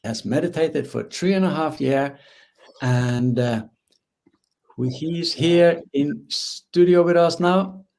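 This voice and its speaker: A man hosting a livestreamed show, introducing a guest in a relaxed, unhurried way. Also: on the high side. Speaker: host.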